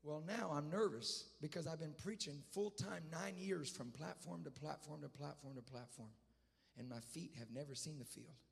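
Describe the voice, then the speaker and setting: A man with a gravelly, slightly high voice preaches a sermon as a traveling evangelist. He drops to near-whispered storytelling, then climbs to loud, shouted peaks. The sound carries a long reverb, as in a large church. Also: moderate pace. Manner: swings from quiet storytelling to loud shouted climaxes. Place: church sanctuary.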